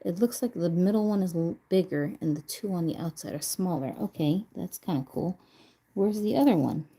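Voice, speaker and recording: Mellow-voiced woman chatting casually. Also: on the low side, moderate pace, slightly rough. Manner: chatty, laughs often, talks to herself. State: recovering from a stroke. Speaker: doll vlogger. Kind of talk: casual chat while crafting.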